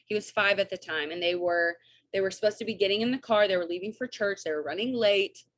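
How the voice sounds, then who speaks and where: A woman, coaching her sales team on a video call in an energetic, chatty way and often checking in with "right?" and "okay?". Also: mid-range voice, fast. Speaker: network marketing coach.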